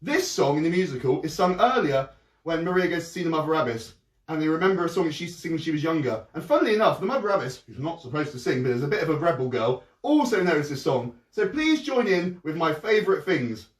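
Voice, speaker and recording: A man's voice: a little high, big pitch swings, fast talker, distant mic. A man hosting a live online musicals show at home, chatty and self-mocking. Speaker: host. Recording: roomy echo, off-mic.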